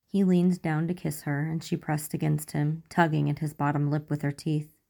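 A woman narrating romance fan fiction aloud in a measured, soft storytelling manner. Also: low-pitched, level tone, gravelly.

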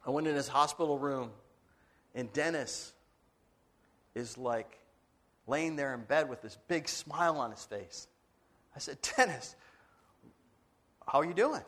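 A man's voice: mid-range voice, expressive, unhurried, pauses often, a bit bright. A man, a pastor, telling a story in a sermon, earnestly acting out the dialogue of the people in it. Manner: earnest, dramatic retelling with quoted dialogue.

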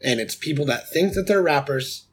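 A man's voice: a little high, expressive, normal speed, slightly rough. Laid-back male podcast host. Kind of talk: casual chat.

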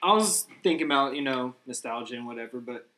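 A young man hosting a casual podcast chat, relaxed and steering topics with questions. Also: medium pitch, fast talker. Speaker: podcast host. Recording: echoey room.

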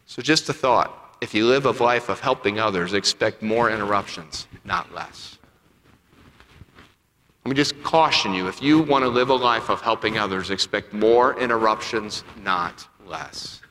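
A man preaching a sermon, swinging between loud emphatic peaks and quiet asides. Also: on the low side, measured pace. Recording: echoey hall with long reverb.

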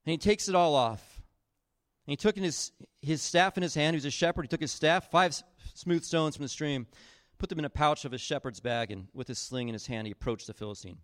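A man preaching a sermon, retelling a Bible story in a casual, animated way with acted-out quotes. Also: fairly high pitch, a little fast, no echo, studio quality. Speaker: pastor.

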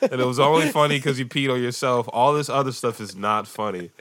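Bright-voiced man telling stories. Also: medium pitch, brisk, dry recording, studio quality. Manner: animated storyteller, laughs often. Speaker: podcast host. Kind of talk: casual chat.

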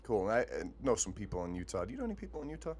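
Montana-accented male podcast co-host, slightly low voice, playful and quick to laugh. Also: wildly swooping pitch, darkish tone, a little hiss or hum. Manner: laughs often, joking. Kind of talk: casual chat.

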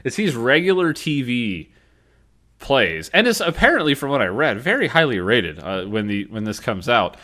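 A man co-hosting a casual podcast chat, slangy and animated, often acting out characters' lines. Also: medium pitch, normal speed. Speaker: podcast co-host.

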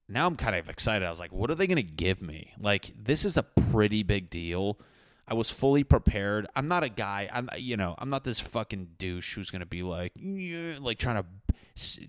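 Young dude ranting about a bad sandwich, kinda low voice, dry close sound. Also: male voice, smooth, no echo. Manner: rambling, profane, jokey. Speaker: vlogger. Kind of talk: casual storytelling to camera.

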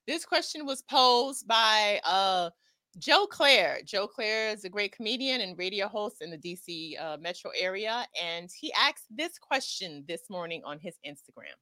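A woman's voice: medium pitch, lively intonation, measured pace, bright, forceful tone, no echo. A woman co-hosting a casual chat show, talking in an emphatic, incredulous way. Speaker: podcast co-host.

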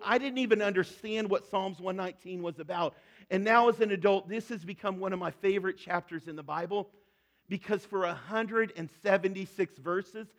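A middle-aged man preaching a sermon in an earnest, conversational way that often drops to a soft, hushed tone. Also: sits high. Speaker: pastor.

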